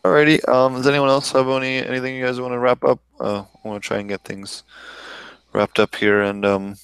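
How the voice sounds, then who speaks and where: A man's voice: mid-range voice, level tone, fairly quick, a bit bright, clear, resonant tone, dry recording. A man hosting a podcast in casual chat, ranting freely and swearing often. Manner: profane, ranting, loose and talkative. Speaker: podcast host.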